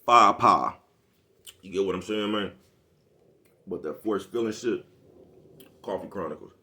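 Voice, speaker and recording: A man's voice: sits low, normal speed, pauses often, slight background noise. A man delivering a casual, profane monologue to his viewers, forever checking in with "you know what I'm talking about". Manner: laid-back, profane street talk. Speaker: vlogger.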